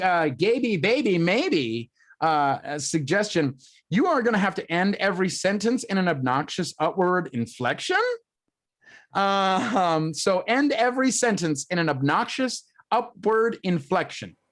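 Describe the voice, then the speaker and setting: A man hosting a live improv comedy stream, reading out audience suggestions with plenty of ums and laughs. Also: sits high. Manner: chatty and loose, with many ums and laughs. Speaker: improv show host.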